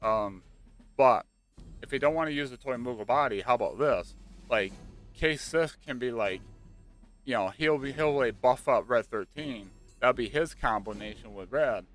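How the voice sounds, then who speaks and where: Guy hyping up a game, rambling, says like a lot, mid pitch, soft music behind. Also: moderate pace. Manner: rambling, excited, many "like" fillers. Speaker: gaming channel host. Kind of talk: casual speculative chat. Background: faint background music.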